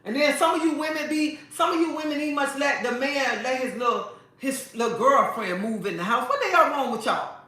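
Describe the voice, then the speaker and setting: A woman's voice: high voice, expressive, a little fast, a bit bright. A woman hosting a livestream, talking to viewers in a sassy, preachy way and repeating her phrases. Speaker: livestream host. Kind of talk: casual livestream talk to viewers. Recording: very echoey room.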